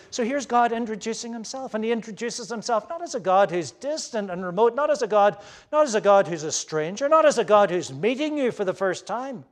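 A man preaching a sermon to a gathered audience, earnest and emphatic, moving between loud stresses and hushed asides. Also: on the high side.

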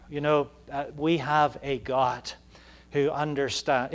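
Brief: male pastor, slightly high voice, chatty sermon delivery that swells into fervent stretches. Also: steady tone, slow. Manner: conversational, full of fillers, rising to passionate emphasis.

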